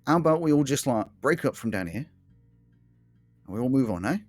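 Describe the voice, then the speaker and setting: A man's voice: medium pitch, animated, a little fast, a little mellow, no echo, soft background music, voice pushed up, lightly acted. A man voicing a lazy, corrupt off-duty male city guard who casually brushes off trouble. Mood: breezy.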